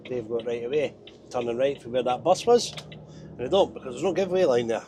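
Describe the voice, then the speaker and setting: A man's voice: medium pitch, darkish tone. Scottish man, stuffed-up nasal voice, chatty and wry, truck cab, faint road hum. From Scotland. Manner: chatty, self-mocking, wry. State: head cold, nasal. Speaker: truck driver vlogger. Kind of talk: casual driving vlog.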